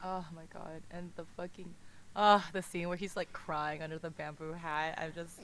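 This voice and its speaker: A woman's voice: fairly low pitch, little pitch movement, moderate pace, fairly bright tone, low-quality recording. A young woman co-hosting a casual book-discussion podcast, emotional and swearing freely as she gushes. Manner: emotional, swears freely, reads passages dramatically. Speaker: podcast co-host.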